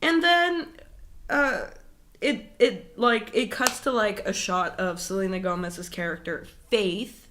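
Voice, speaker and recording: Young woman podcast cohost, chatty and animated, lots of likes and swearing, laughs a lot. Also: mid-range voice, slow pace, noisy background. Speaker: podcast co-host. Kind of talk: casual chat.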